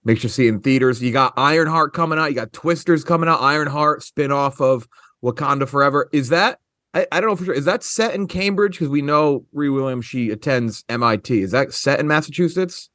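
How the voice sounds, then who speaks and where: A man's voice: a little high, brisk, fairly bright tone, dry recording, clean studio sound. A man hosting a movie podcast, asking questions in a chatty way. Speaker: podcast host. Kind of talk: casual interview.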